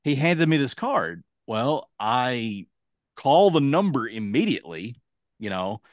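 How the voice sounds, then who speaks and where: Animated man telling a story. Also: medium pitch, a little slow, dry recording. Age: late 30s. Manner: animated, acts out quoted dialogue. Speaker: podcast host. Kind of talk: casual storytelling.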